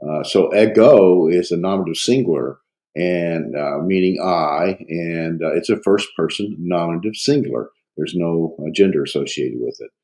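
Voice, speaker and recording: A man with a cold teaching a Greek grammar review, talking haltingly with many fillers and thinking aloud. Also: low-pitched, dark tone, low-quality recording. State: has a cold. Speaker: Greek instructor.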